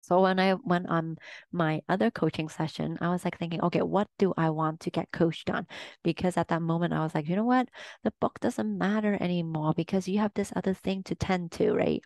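A woman's voice: on the low side, steady tone, fairly quick, vocal fry, a little mellow, dry recording. Earnest woman in a dry close recording. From Asian. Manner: earnest, candid, with frequent fillers and restarts. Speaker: podcast host. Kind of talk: personal reflective monologue.

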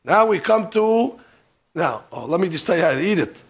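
A man teaching a hands-on religious lesson, animated and joking, dropping Hebrew terms as he demonstrates. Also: high voice, moderate pace. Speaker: rabbi teaching. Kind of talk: demonstration lesson on ritual practice. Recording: archival lesson recording.

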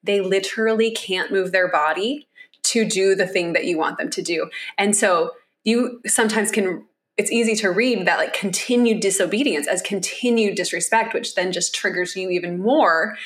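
A woman's voice: mid-range voice, normal speed. A woman co-hosting a podcast, explaining a topic in casual chat with everyday examples. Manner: explains with examples, acts out a child's voice. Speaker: podcast co-host.

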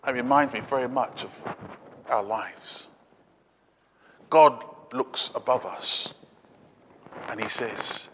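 A man preaching a sermon, swinging between loud urgent appeals and quiet, low asides. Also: huge pitch swings, slow, long pauses, in a large hall, slight background noise.

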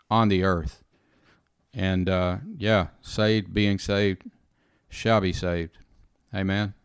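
An earnest man teaches scripture in a relaxed conversational way and circles back over his phrases. His voice sits a little low. The sound is dry and close. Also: smooth, no echo. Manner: earnest, repeats phrases, frequent "you know" and "amen". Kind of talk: informal Bible teaching.

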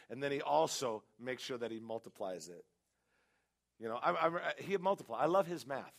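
A middle-aged man, a guest pastor, preaching a sermon in a church with animated, humorous storytelling. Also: mid-range voice, normal speed, creaky. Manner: animated storytelling with humor, rising to loud emphasis. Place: church sanctuary.

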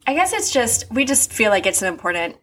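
A woman's voice: fairly high pitch, very animated, a little fast, fairly bright tone. A young woman co-hosting a podcast, earnest and self-deprecating in a casual chat. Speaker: podcast co-host.

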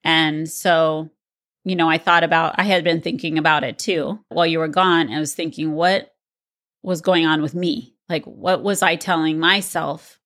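A woman's voice: low-pitched, steady tone, normal speed, fairly bright tone. A middle-aged woman co-hosting a podcast, talking in a reflective, earnest way. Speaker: podcast co-host. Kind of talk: casual podcast conversation.

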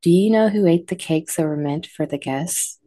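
A strict, scolding mother with a low, mellow voice, as a soft-spoken woman reads her lines. She speaks slowly and firmly, close and dry. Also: no room sound, natural voice. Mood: stern. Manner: firm, scolding. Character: stern strict mother of young girls.

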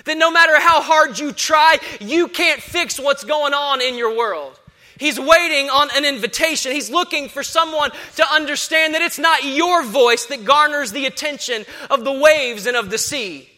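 A man's voice: very high voice, moderate pace, sharp tone. A man in his thirties preaching a sermon as a pastor, impassioned and repetitive.

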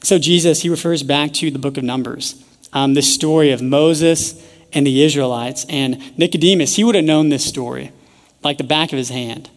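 A young man preaching a sermon in a casual, joking storytelling way with lively asides. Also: on the high side, moderate pace. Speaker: pastor teaching a sermon series. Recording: echoey church hall.

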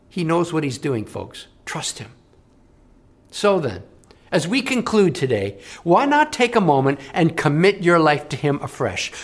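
A man preaching a broadcast sermon, impassioned and emphatic, pressing points to the listener. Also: sits high. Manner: impassioned, emphatic, rising and falling delivery. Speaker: radio preacher.

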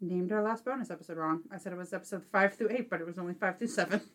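A young woman hosting a podcast chats casually in a lowish voice at a very fast clip, with a crowd in the background. She rambles through a story, laughing often, and her voice jumps up whenever she quotes someone.

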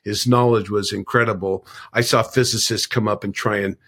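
An older man speaks as a podcast guest with a husky, somewhat breathy voice that sits a little low. He tells his story earnestly, wandering between points and filling pauses with ums and uhs. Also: fairly even intonation, a bit bright. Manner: earnest, rambling, with frequent fillers. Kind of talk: conversational storytelling.

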